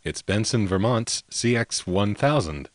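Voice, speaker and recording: A man hosting a show of vintage telephone recordings, narrating in an unhurried way with a fondness for technical detail. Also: fairly low pitch, expressive, dry recording. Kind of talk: relaxed narration.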